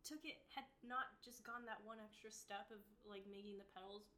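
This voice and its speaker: A woman's voice: mid-range voice, steady tone, normal speed, bright, forceful tone, slight background noise. A woman co-hosting a casual podcast, recapping a movie with jokey, chatty fact-checking asides. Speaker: podcast co-host.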